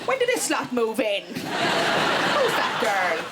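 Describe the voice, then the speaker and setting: A woman voicing a grumpy, nosy old grandmother who scolds and complains, with loud background noise. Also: fairly high pitch, wildly swooping pitch, slow pace, a loud crowd, full character voice. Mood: grumbling.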